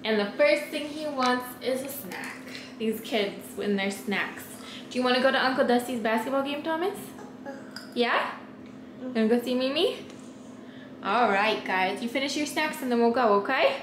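A woman's voice: high-pitched, moderate pace. A woman filming a family vlog at home, talking with her toddlers in a sing-song, cooing voice. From Southern California. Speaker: mother and family vlogger. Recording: echoey room with clear background noise.

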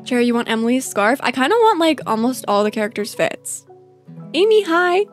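A woman's voice: high-pitched, big pitch swings, a little fast. A woman streaming a game in casual commentary, bubbly and gushing, laughing often. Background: faint game music.

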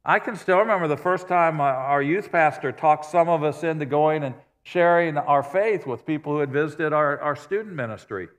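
A pastor preaching a sermon in a church, telling stories in a conversational, self-deprecating way. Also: male voice, fairly high pitch, normal speed, few pauses. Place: church sanctuary. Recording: long reverb of a large church hall.

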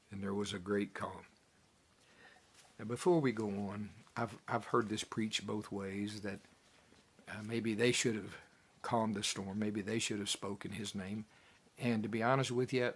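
A pastor delivers a sermon in a low, somewhat husky voice. He preaches in a folksy, animated way, chuckling now and then as he works through the passage. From United States. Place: church.

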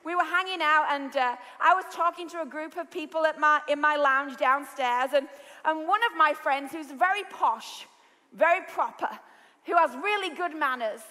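A British woman preaching a sermon, telling stories with lively energy and rising to shouts. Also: high-pitched, normal speed. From Britain. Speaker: pastor. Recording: large hall with long reverb.

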